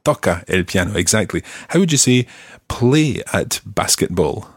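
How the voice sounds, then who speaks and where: A man hosting a language-learning podcast, explaining grammar patiently and clearly. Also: lowish voice, lively intonation, moderate pace, no echo, studio quality. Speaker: language teacher and podcast host.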